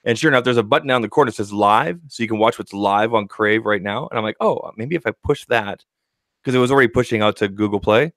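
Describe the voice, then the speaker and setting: A man's voice: fairly low pitch, rapid-fire, hardly any pauses, fairly bright tone, no room sound, clean studio sound. A man from Canada chatting casually on a livestream, acting out quotes in funny voices. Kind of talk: casual chat.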